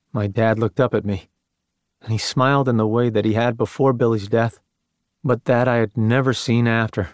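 A man's voice: medium pitch, no echo. Man narrating an audiobook in dry sound. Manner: measured, subdued storytelling. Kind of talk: first-person audiobook narration.

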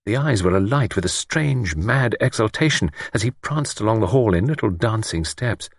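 A man narrating a mystery audiobook in a measured, dramatic way. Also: on the low side, lively intonation, no echo, clean studio sound. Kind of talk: scripted narration.

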